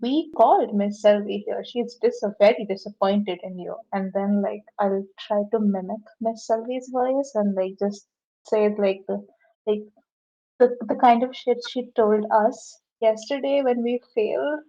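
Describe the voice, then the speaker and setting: A woman playing a tabletop game, talking hesitantly with halting restarts. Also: medium pitch, fairly even intonation, mellow, dull audio. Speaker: player. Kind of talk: casual tabletop play.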